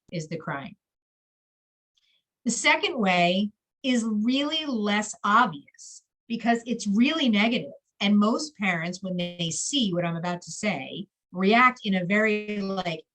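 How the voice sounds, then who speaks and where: A woman counselor gives a conversational presentation on children's anxiety to parents, pitched mid-range for a woman. She talks in a relaxed, explanatory way, checking in with "right?" as she goes, and sometimes acts out what a child or parent might say. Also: rough recording. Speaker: school counselor.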